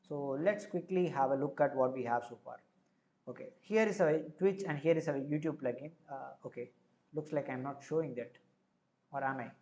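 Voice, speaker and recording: A man with an Indian accent, hosting a live coding stream, who explains each step as he goes and fills pauses with frequent filler words. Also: medium pitch, darkish tone, dull audio.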